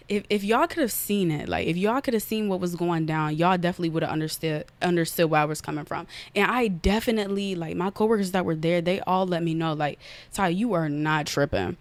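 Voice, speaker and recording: A young woman hosting a casual podcast, retelling a story in an animated, fast way and acting out her own outbursts, recorded on an iPad. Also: mid-range voice, no echo. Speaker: podcast host. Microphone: iPad on an unsteady stand.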